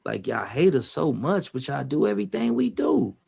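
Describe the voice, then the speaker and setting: A man's voice: medium pitch, huge pitch swings, moderate pace, creaky, darkish tone, husky, lo-fi sound. A man hosting a casual livestream, bluntly reading out viewer comments and talking back to chat in a profane, direct way.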